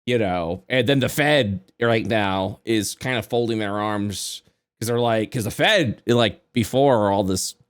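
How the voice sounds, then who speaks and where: A man's voice: lowish voice, unhurried, smooth. A man co-hosting a podcast in casual chat, rambling and swearing, with frequent stammering restarts. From Florida, US. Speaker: podcast co-host.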